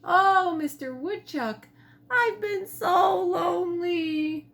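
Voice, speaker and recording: A sad, lonely young pheasant , put on by a woman reading a storybook aloud, squawks high and begs for company. The voice jumps far above a normal speaking voice and hangs on each wistful question. The reading is slow. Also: gravelly, fairly bright tone, slight background noise, exaggerated voice. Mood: pleading.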